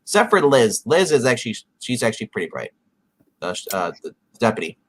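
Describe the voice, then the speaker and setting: A man's voice: mid-range voice, big pitch swings, brisk, background noise. A man co-hosting a casual podcast, rambling as he retells TV scenes with lots of quoted asides. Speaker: podcast co-host. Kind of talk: casual recap chat.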